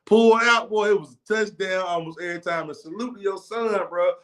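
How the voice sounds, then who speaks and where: Guy hyping up a live show, bright forceful voice, slang all over. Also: brisk. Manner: high-energy, slangy, repetitive hype. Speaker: talk show host and stadium announcer. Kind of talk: hyped casual live talk.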